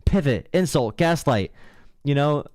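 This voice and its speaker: A man's voice: a little high, expressive, measured pace, a little mellow, no room sound, clean studio sound. A man hosting a live political call-in stream, ranting bluntly and mockingly. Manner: mocking, blunt, says bro a lot. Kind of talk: casual streaming rant.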